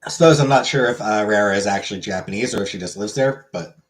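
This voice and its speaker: A man's voice: fairly low pitch, fast. A man from Canada, a livestreamer chatting casually with his viewers, rambling with lots of fillers. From Canada, born in Ontario. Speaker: livestreamer reading chat. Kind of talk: casual chat.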